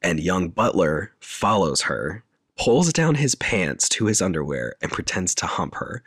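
A man with a very low voice talks through a film's plot in a loose, chatty way, full of fillers. The sound is dry and close, with no room in it. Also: measured pace, husky, no echo. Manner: retells scenes in deadpan detail, filler-heavy. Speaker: podcast co-host recapping a film. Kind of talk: casual chat.

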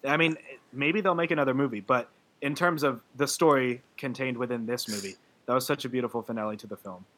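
In a casual podcast chat, a man gushes emotionally about a film, laughing through his words. His medium-pitched voice is fast and a bit bright, and he rambles with many fillers and restarts.

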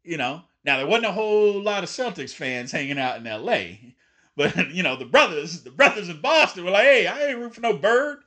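Lively, bright-voiced sports talk man. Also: on the high side, normal speed. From Indiana. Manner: animated, emphatic, puts on voices to mock fans. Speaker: sports podcast host.

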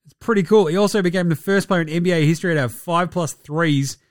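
This young Australian podcast host talks fast in a slightly high voice, cracking jokes and swearing through the casual sports chat. The banter is irreverent, and the studio-quality audio has no room sound.

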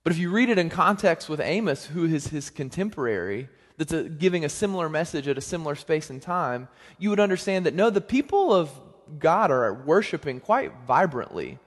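A young man preaching a sermon as pastor, in a conversational, joking manner with lively swings in pitch and loudness. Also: a little fast, hardly any pauses. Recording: long hall reverb.

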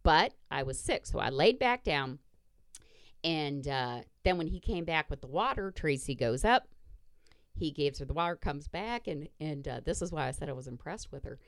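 A woman's voice: low-pitched, lively intonation, normal speed, no room sound. A woman podcast host casually retelling a story, blunt and profane, acting out the dialogue.

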